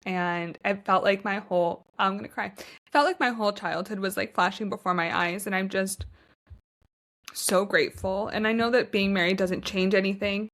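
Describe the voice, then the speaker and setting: A woman's voice: mid-range voice, moderate pace, a bit bright. A young American woman hosting her own podcast, talking in a heartfelt, gushing, chatty way with lots of "like" fillers. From United States. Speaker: podcast host. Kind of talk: casual chat.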